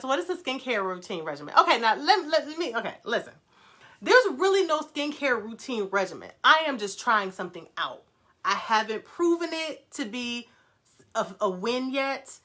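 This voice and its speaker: A young woman hosting a casual livestream, reading viewer comments aloud and answering them in a fast, animated way with frequent laughter. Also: mid-range voice. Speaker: brand founder hosting a live Q&A.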